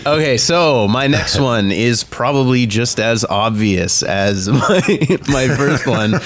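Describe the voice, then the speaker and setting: A man chatting on a podcast, eager and halting, restarting his sentences as he lists achievements. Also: medium pitch, slight background noise. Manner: enthusiastic, halting restarts while listing facts. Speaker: podcast co-host. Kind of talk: casual chat.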